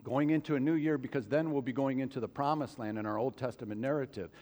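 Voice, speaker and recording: A man's voice: mid-range voice, fast, darkish tone. A man preaching a sermon as pastor, asking the congregation questions as he goes. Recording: long hall reverb.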